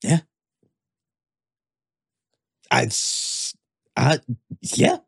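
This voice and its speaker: A man's voice: medium pitch, huge pitch swings, very slow, gravelly, slightly rough, clean studio sound. A man co-hosting a podcast in casual chat, laughing often and echoing his partner's lines. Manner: laughs often, echoes and agrees with the other host. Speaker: podcast co-host.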